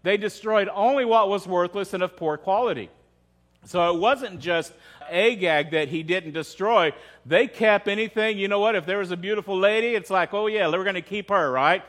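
A man's voice: sits high, moderate pace, a bit bright. A man preaching a sermon as pastor, in a conversational way, often asking the congregation questions and restarting his phrases.

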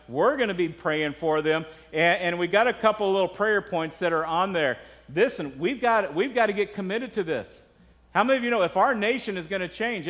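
A man's voice: sits high, fairly bright tone, in a large hall. A man preaching a sermon as pastor, earnest and conversational, with frequent asides to the congregation.

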